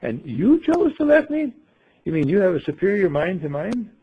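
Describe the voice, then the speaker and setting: A man putting on the voice of a startled, chatty woman in a told story, sounding excited and full of wonder. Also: on the high side, quick pace, husky, phone-quality sound, voice pushed up. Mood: astonished.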